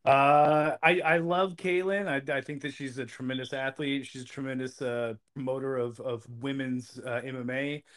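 A man co-hosting a casual sports betting podcast, speaking in a relaxed, halting way with many fillers. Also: mid-range voice. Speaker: podcast co-host.

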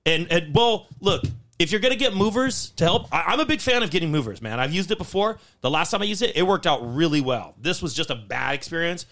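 Profane, animated man ranting. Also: a little high, fast talker. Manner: profane, animated, heated storytelling. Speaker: podcast host. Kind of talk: casual ranting story.

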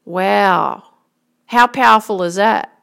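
Gravelly woman golf coach. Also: mid-range voice, takes it slowly, fairly bright tone. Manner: earnest, repetitive, emphatic. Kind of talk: motivational talk with anecdotes.

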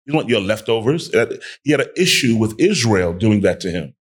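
A man's voice: on the low side, fairly quick, husky. A man who is a pastor and guest on a casual panel conversation, telling stories and acting out quotes. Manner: animated storyteller who acts out quotes.

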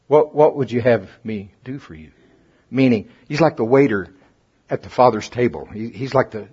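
The pastor's sermon is folksy and lively, climbing in pitch and volume as it peaks. His voice is husky, his mouth is drying out, and the recording comes across as dull and lo-fi.

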